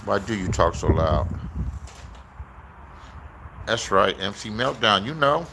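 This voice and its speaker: A man's voice: fairly low pitch, lively intonation, slow, creaky, bright, forceful tone, slight background noise. A man telling stories in a casual, rambling rant, swearing a lot and repeating his phrases.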